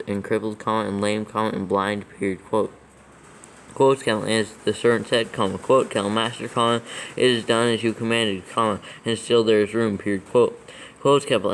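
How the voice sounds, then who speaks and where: On a low-quality recording with a little hiss or hum, a man with a lowish voice reads scripture aloud for proofreading. He dictates steadily, naming every comma, capital and quote mark along the way.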